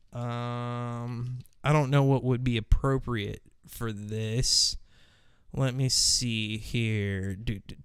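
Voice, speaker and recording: Slow-talking, profane male host. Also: medium pitch, fairly bright tone, clean tone, dry recording, clean studio sound. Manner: profane, rambling, chuckling. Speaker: show host. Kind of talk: casual commentary on video clips.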